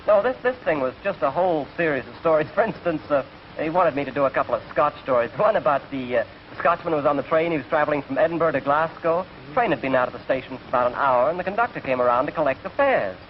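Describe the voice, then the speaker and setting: A man's voice: on the high side, expressive, quick pace. A young man with an English accent telling jokes in chatty, self-amused 1940s film comedy banter. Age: young adult. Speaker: film actor playing himself. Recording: dull hissy 1940s film soundtrack.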